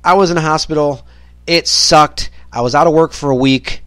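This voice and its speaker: A man's voice: a little high, moderate pace, fairly bright tone, no room sound. Profane, rambling man podcast host. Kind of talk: rambling solo monologue rant.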